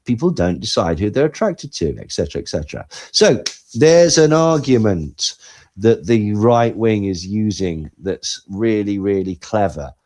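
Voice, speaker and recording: A man co-hosting a podcast, talking in animated, sarcastic commentary that swings between loud and quiet. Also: fairly low pitch, a little slow. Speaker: podcast co-host. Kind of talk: casual commentary chat.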